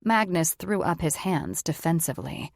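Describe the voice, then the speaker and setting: A woman reads fantasy fiction aloud in a measured, even way. Her voice is on the low side. The sound is dry and close. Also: gravelly, no echo. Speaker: audiobook narrator. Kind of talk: scripted fiction narration.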